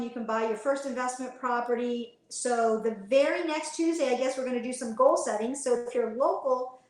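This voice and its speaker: Brief: woman host, higher voice, upbeat encouraging coach, chatty livestream, echoey room. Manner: upbeat, encouraging, chatty with "you guys" and "right?". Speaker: financial coach and real estate investor. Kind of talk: livestream talk to viewers.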